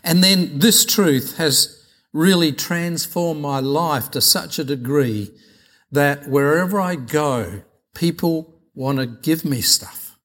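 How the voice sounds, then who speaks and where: A middle-aged Australian pastor preaches by telling anecdotes. His voice sits a touch high. He is chatty and acts out each exchange with animation. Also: takes it slowly, fairly bright tone. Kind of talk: sermon storytelling.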